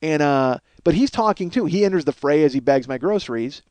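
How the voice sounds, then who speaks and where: A man's voice: a little high, lively intonation, brisk, a little mellow, no room sound. Exasperated, rambling male comic storyteller. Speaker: podcast host.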